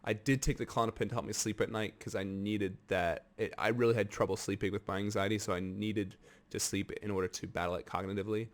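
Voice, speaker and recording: Young american man, earnest vlogger, lowish voice, candid storytelling. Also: fairly even intonation, fast talker. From United States. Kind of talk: candid personal vlog talk.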